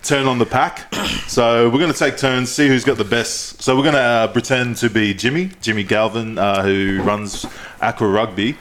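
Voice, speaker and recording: A man's voice: medium pitch, fairly even intonation, moderate pace, few pauses, fairly bright tone, a little hiss or hum. A man with an Australian accent hosting a podcast in loose casual chat, setting out a prank plan with lots of fillers. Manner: loose, laughing, explains the plan with many fillers. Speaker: podcast host.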